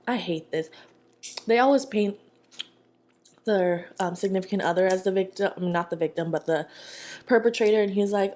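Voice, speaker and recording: A young woman tells a story in a casual eating vlog. She talks in an animated, sassy and slangy way, with a voice in the middle of the usual pitch. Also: moderate pace, long pauses. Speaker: mukbang vlogger.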